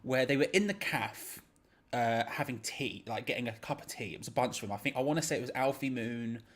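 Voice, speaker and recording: A man's voice: mid-range voice, lively intonation, fairly quick, fairly bright tone. A man co-hosting a live stream, telling a wry anecdote in a casual chat. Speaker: co-host.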